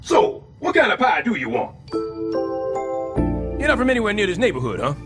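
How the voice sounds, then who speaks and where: An actor playing a scheming middle-aged building superintendent in an animated sitcom, sarcastic and overdramatic. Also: male voice, sits high, moderate pace, over loud music.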